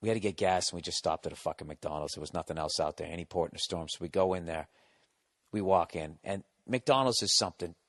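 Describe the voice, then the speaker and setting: A man's voice: sits low, fast talker, dry recording. Profane rambling male podcast host. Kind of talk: casual comedic storytelling monologue. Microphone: studio podcast mic.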